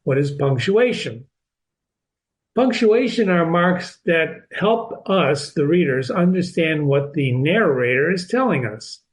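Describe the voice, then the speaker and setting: A man's voice: a little high, expressive, takes it slowly, poor audio. A man hosting a reading lesson who explains a novel step by step, repeating and restarting words as he stresses key points. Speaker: literature teacher and channel host.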